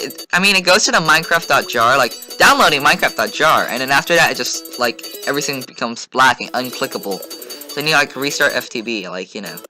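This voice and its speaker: The speaker, a man who hosts a gaming channel, gives rambling, filler-packed, chatty commentary over his gameplay video. He has a mid-range voice that sounds pushed and bright.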